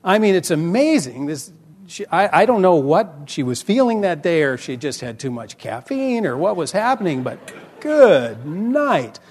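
A middle-aged man, a pastor, teaching other preachers in a conversational, animated way with big swings in loudness. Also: a little high, a little slow. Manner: conversational, animated storyteller with lively vocal swings.

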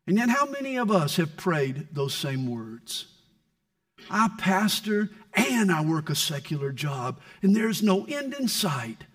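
A male preacher delivers a sermon in a higher-than-usual voice. His delivery is lively and full of rises and falls. He leans dramatically into scripture and poetry readings. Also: unhurried. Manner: dramatic, reads scripture and poetry with sweeping swings in tone. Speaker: pastor.

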